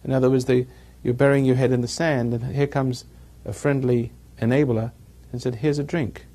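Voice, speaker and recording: A man's voice: medium pitch, flat delivery, moderate pace, warm tone. A man giving a rambling talk to a live audience, chuckling at his own jokes as he tells stories. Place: evening gathering with an audience.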